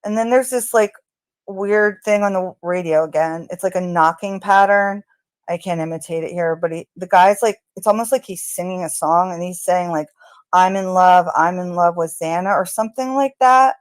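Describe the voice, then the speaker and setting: Woman, low-ish voice, slow and halting, lots of ums, dry close recording. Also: dry recording. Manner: halting, frequent ums and restarts. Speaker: true crime commentator. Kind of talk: casual narration of audio analysis.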